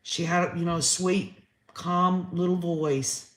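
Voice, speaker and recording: A man's voice: fairly high pitch, fairly even intonation, slow, a bit bright, roomy sound. A man hosting a live-stream trial recap, reading chat comments aloud and reacting with emotion. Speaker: host.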